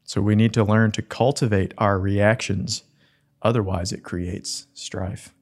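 A man preaching a sermon in an earnest, gentle way, with soft asides. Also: fairly low pitch, steady tone, unhurried.

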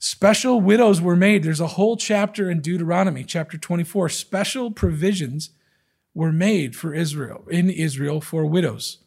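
A man's voice: a little high, normal speed, creaky, a little mellow. A man preaching a sermon, teaching from the Bible in a conversational, emphatic way. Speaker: pastor.

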